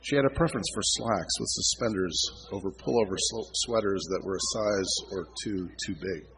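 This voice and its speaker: Low-voiced man reading his novel aloud. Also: moderate pace, a bit bright, slight background noise, poor audio. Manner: reads with slips and restarts. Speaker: author reading his book. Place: comic convention reading.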